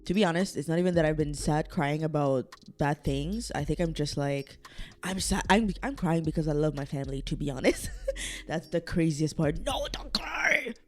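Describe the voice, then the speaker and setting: Low-voiced young woman rambling on her podcast, teary and giggly, faint music behind. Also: normal speed, darkish tone. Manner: emotional, rambling, laughing, breaks into high squeals. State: teary after crying. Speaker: podcast host. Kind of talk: casual solo podcast chat. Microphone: camera set-up, seen on video.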